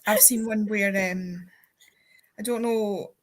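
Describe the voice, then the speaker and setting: A woman's voice: medium pitch, steady tone, slow pace. Scottish woman telling rambling stories. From Scotland. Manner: rambling anecdotal storyteller, casual swearing. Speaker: readathon livestream host. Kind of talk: casual chat.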